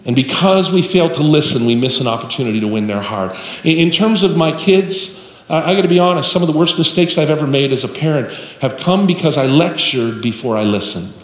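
A man's voice: a little high, a little fast. A male pastor preaching a sermon with folksy storytelling, addressing the congregation directly. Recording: echoey live hall with room noise.

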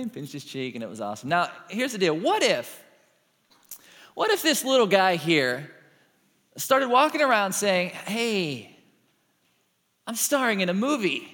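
A man's voice: sits high, sing-song, measured pace, pauses often, a bit bright, in a large hall. A man preaching a sermon to a congregation, joking and acting out little dialogues. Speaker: pastor.

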